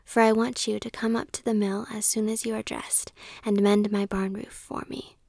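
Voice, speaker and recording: A woman's voice: medium pitch, little pitch movement, moderate pace, gravelly, a little mellow, no room sound, studio quality. A woman voicing a smug, self-righteous male miller in a whispered role-play, lecturing in a preachy, condescending way.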